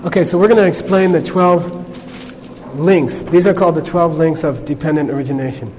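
A man with a somewhat high voice teaches a class in a loose, conversational way, often pausing to check in with his listeners. The room has long reverb and a faint hum of ambience behind him. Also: fairly even intonation, darkish tone. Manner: conversational, peppered with "okay?" checks. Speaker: Buddhist teacher. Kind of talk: informal class lecture.

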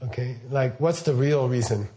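Here a middle-aged Buddhist teacher gives a rambling, informal talk in a warm, mid-range voice at a moderate pace. He frequently checks in with listeners, asking them questions and leaning on "okay" and "right."

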